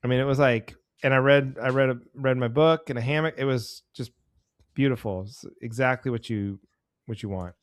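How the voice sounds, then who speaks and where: A man co-hosting a podcast, chatting casually and telling rambling, jokey stories that speed up when he gets excited. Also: medium pitch, moderate pace, dry recording, studio quality. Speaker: podcast co-host. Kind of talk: casual chat.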